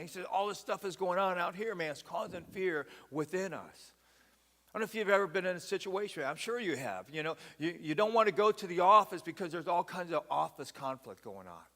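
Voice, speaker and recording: Folksy pastor preaching in a reverberant church. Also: male voice, sits high, expressive, brisk, fairly bright tone. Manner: folksy, peppers speech with "man". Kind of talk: sermon. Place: church sanctuary.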